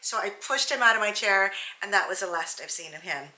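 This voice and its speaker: Woman hairstylist, chatty and candid, bright voice, roomy sound. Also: mid-range voice, a little fast. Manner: candid, animated, digressive. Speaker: hairstylist and salon owner. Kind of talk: casual storytelling vlog. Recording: roomy echo.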